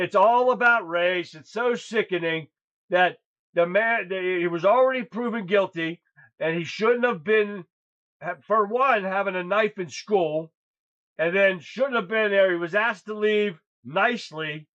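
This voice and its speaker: A man's voice: high-pitched, a little slow, a bit bright. A man hosting a political livestream, talking in a blunt, crude, rambling way. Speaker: host. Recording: dull lo-fi sound.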